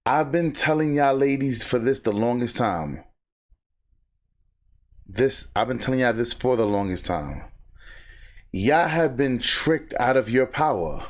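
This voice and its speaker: Dude doing reaction commentary, blunt and mocking, cusses a lot, talks straight to viewers. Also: male voice, lively intonation, slow, long pauses. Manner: blunt, mocking, sings snippets in a high voice.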